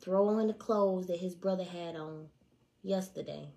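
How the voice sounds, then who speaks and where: A woman's voice: lowish voice, a little slow, vocal fry, warm tone. A young woman ranting to her viewers in a profane, casual way, swearing hard and repeating lines for emphasis. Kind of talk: profane casual rant to camera.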